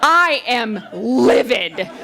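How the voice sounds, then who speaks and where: A woman tells a funny personal story with wry, animated delivery. Her voice sits high and swings widely in pitch as she builds each beat. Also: very slow, gravelly, noisy background. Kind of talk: live comic storytelling.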